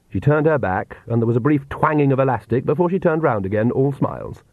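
A man reading a novel aloud in measured scripted narration. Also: mid-range voice, animated, dry recording. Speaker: audiobook narrator. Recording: tinny phone-like dry sound.

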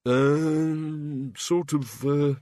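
A man's voice: fairly high pitch, steady tone, very slow, mellow, no echo, studio quality, pitched above the performer's own voice. A man voicing a mild, bewildered male god of hangovers, vague and politely hesitant in an audiobook.

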